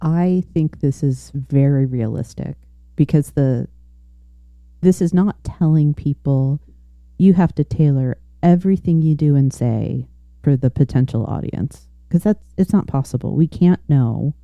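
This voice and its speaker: A woman hosting an interview, speaking in a thoughtful, affirming, measured way. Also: sits low, warm tone, no echo. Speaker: podcast host. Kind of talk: conversational interview.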